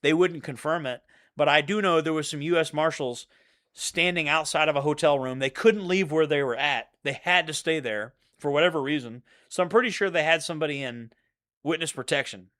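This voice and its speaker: A man's voice: fairly high pitch, normal speed, a bit bright. A man telling rambling, profane stories in a casual monologue, often repeating himself. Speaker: channel host.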